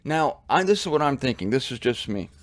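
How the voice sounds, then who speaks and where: An American man giving a casual, animated Bible study with humorous asides. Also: mid-range voice, fairly quick. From United States. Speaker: Bible teacher. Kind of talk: conversational Bible study teaching. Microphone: studio mic with headphones.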